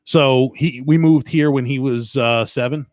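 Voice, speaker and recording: A man's voice: medium pitch, steady tone, unhurried, a little mellow, dry recording. Man, Long Island accent, stuffed-up, profane rambling podcast host; dry close mic. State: stuffed up nose. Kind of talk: casual chat.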